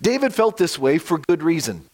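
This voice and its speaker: A man preaching a sermon with a slightly croaky voice, earnest and emphatic, slowing for dramatic drops. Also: on the high side, sing-song. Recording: long hall reverb.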